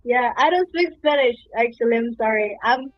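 A woman's voice: on the high side, normal speed, faint music behind. A woman chatting flirtatiously over a video call, giggling often. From Brazil. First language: Portuguese. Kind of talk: casual video chat. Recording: dull lo-fi call audio.

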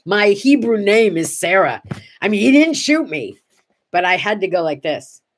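A woman hosts a casual morning vlog and tells her stories with lots of animation. She acts out each exchange, and her voice sits at an ordinary middle pitch. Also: animated, moderate pace. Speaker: host.

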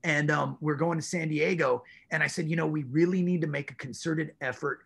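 A man's voice: fairly high pitch, fairly even intonation, a little fast, gravelly, a bit bright, husky. A man in his forties, a guest in a casual interview, telling his story with animation and acting out his own inner voice. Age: 40s.

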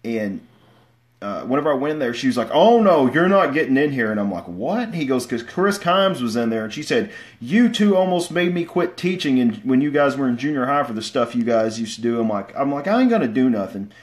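A man, rambling through casual livestream stories, with many fillers and restarts and sudden loud outbursts. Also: medium pitch, animated, fairly quick. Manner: bursts into loud shouts when acting out stories. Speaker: vlogger.

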